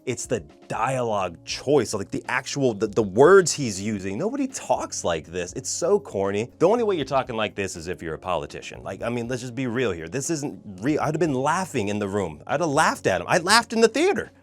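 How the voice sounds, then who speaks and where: A man's voice: medium pitch, big pitch swings, a little fast, few pauses, faint music behind. A man giving a casual, exasperated film review rant, swearing and acting out scenes. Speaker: movie reviewer.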